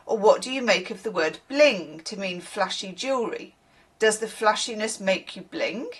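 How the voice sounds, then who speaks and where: A woman's voice: mid-range voice, lively intonation, moderate pace, breathy edge. A woman reads a text aloud in an easy, informal way. She keeps stopping for chatty asides and small apologies before carrying on. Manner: breaks off to comment and apologise. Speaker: tarot reader.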